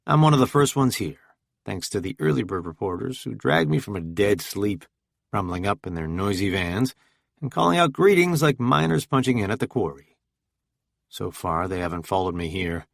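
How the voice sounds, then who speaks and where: Male audiobook narrator, gravelly and lowish, weary wry read, dry booth. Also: dry recording. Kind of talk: first-person thriller audiobook narration.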